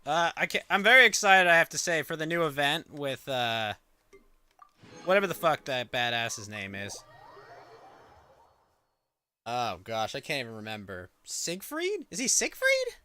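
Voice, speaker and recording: A man's voice: medium pitch, expressive, moderate pace, bright, forceful tone, clean tone. A man streaming a game, chatting casually in a wry, rambling way with offhand swearing. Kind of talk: casual gameplay commentary.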